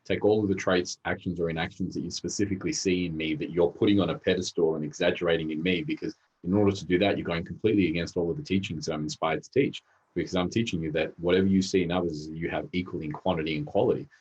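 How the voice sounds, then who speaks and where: Fast-talking deep husky man. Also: dull audio. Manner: fast, animated storytelling. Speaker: interview guest, behavioural specialist. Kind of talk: casual interview talk.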